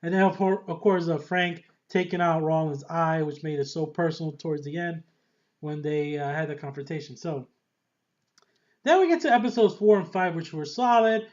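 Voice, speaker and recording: A man casually reviewing a TV series in a rambling, excitable way, often laughing and trailing off with fillers. The recording is dull and lo-fi. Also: fairly high pitch, normal speed. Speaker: TV show reviewer.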